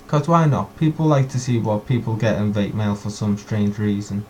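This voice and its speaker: A male host rambles through a casual online stream and swears freely. His voice is mellow and dark. A faint noise sits behind him. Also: lowish voice, rough recording. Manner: profane, rambling.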